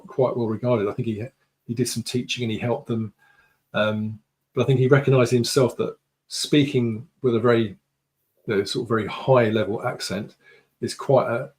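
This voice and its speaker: On a video call, a British man with a mid-pitched voice shares anecdotes in an easygoing way. It's casual conversation, and his storytelling is chatty and never rushed.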